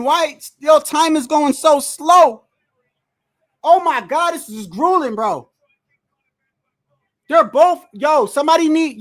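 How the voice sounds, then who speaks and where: Man, high-pitched streamer voice, profane fight reactions, frustrated and animated. Says "bro" a lot. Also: slow pace, pauses often. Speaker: livestream host watching a boxing match. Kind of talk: excited live reaction commentary.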